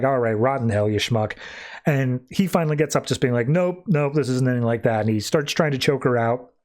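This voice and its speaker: A man's voice: fairly high pitch, a little mellow. A man co-hosting a podcast, recapping a comic story in a casual, filler-heavy way and briefly voicing the characters as he quotes them. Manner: retells the plot, quoting characters in brief put-on voices. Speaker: podcast co-host.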